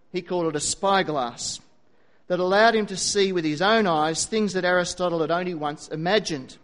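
A man's voice: high voice, fairly bright tone. A man preaching a sermon, telling a story with dry asides and a varied pace.

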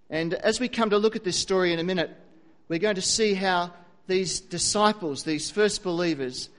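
A man's voice: sits high, fairly bright tone. A man preaching a sermon, telling a story with dry asides and a varied pace.

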